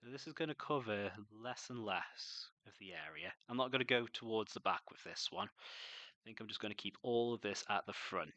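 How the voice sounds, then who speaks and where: A man's voice: mid-range voice, normal speed, creaky, pushed and bright, dry recording. A young man chatting casually and swearing freely as he paints miniatures on a stream. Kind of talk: casual chat while painting.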